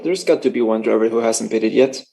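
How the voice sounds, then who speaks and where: A man's voice: on the low side, brisk, gravelly, mellow, slight background noise. A man casually commenting on a live race for his stream, chatty and joking, laughing often and stumbling over his words.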